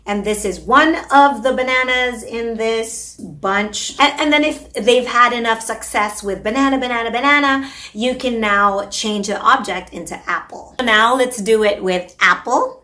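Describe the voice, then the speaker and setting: A woman's voice: a little high, a little slow, sharp tone. A woman, a speech therapist, explaining a language activity to parents and modeling words in an exaggerated sing-song way. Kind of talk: instructional video for parents.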